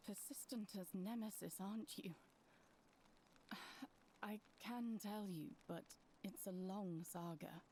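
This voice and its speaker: An actress playing a weary young woman recovering from poisoning, speaking slowly and reluctantly in video game dialogue. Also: mid-range voice, fairly even intonation, warm tone, slight background noise, close to an everyday voice. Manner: slow, tired, reluctant.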